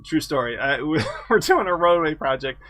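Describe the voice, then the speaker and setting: A man's voice: a little high, animated, normal speed, fairly bright tone, dry recording. A middle-aged man lecturing an engineering exam review, conversational and self-correcting, with wry humor about past projects. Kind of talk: lecture with anecdotes.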